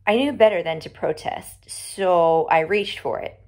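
A woman reading a novel aloud to her students, slow and expressive, dropping to a whisper at times. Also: on the low side, breathy edge. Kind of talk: storybook read-aloud.

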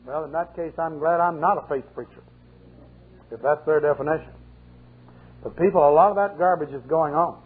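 A man's voice: a little high, moderate pace, long pauses, a little hiss or hum. An older male pastor preaching a sermon with folksy, humorous storytelling. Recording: muffled 1980 sermon tape, phone-like.

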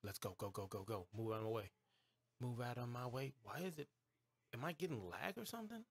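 A man hosting his own live game stream, trash-talking and reacting loudly as he plays. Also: mid-range voice, fairly quick, vocal fry, slightly rough, no echo. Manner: excitable, talks back to the game, trash-talking; bursts into shouts and squeals when surprised. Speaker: gaming streamer host. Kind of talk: live gameplay commentary.

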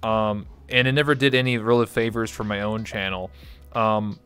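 Candid rambling man with a smooth voice. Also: on the low side, fairly even intonation, moderate pace, a bit bright. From Canada. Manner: candid, rambling storytelling with many fillers. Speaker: interview guest. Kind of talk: casual conversation.

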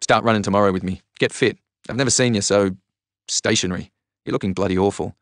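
A man's voice: fairly low pitch, quick pace, dry recording, studio quality, close to an everyday voice. A man voicing a cheeky, pushy middle-aged uncle, read in an audiobook. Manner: teasing, persuasive.

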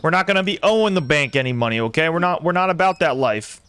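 Excitable young male game streamer. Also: on the high side, fast talker, smooth. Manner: excitable, talks to chat while playing. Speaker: gaming streamer. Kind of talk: live gameplay commentary.

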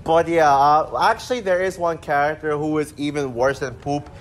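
A man's voice: fairly high pitch, normal speed, a little hiss or hum. A man giving an exasperated, rambling movie rant, swearing often. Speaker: movie reviewer. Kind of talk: casual rant.

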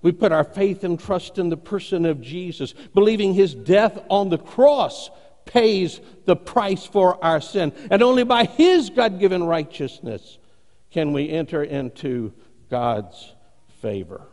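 A pastor delivers his sermon with earnest emphasis and measured pauses. His voice sits high for a man. It carries a long reverb from the church sanctuary where he stands. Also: expressive, darkish tone.

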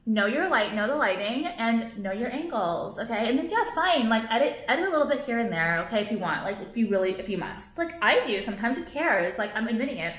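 In this casual ranting vlog, a young jewelry-line owner talks to camera in a slightly high, fairly bright voice. Her delivery is rambling, filler-heavy with lots of "like," and full of bluntness and swearing. The camera mic picks up an echoey room.

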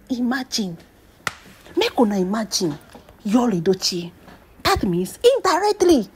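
A woman's voice: fairly high pitch, a little mellow, breathy edge. A woman with a Nigerian Pidgin English accent telling celebrity gossip as a dramatic story, stretching out phrases, dropping into whispered asides and bursting into exclamations.

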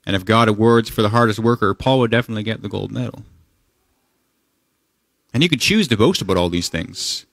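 A man's voice: on the low side, fairly quick, creaky, long pauses, fairly bright tone, no room sound. A pastor giving a conversational sermon. He asks the congregation rhetorical questions and reads scripture with mounting intensity. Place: church sanctuary.

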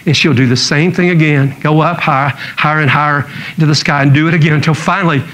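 A man's voice: a little high, steady tone, fast talker, fairly bright tone, low-quality recording. A man preaching a sermon in a church, telling stories in a joking way and acting out the people he quotes. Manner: storytelling, jokey, acts out quotes. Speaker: pastor.

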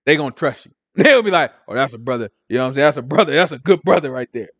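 Male preacher, AAVE speech, lively casual sermon, higher voice, dry close sound. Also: very fast, dry recording, dull audio. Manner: animated, colloquial, mimics people in different voices. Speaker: Bible teacher.

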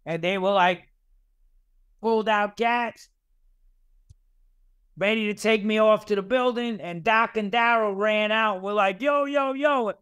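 A man, a podcast guest telling rough street stories in a casual, profane, animated way. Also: high voice, measured pace, long pauses, highs cut off. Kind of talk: casual storytelling.

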